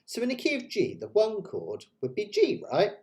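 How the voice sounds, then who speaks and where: A man's voice: high voice, wildly swooping pitch, normal speed. A man hosting an online ukulele jam, chatting and explaining chords step by step. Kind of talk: casual online music lesson. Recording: loud ukulele music behind the voice.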